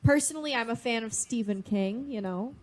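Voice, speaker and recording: A woman's voice: a little high, a little mellow. Playful woman co-hosting a podcast. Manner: playful, quick quips. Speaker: podcast co-host. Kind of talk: casual podcast chat.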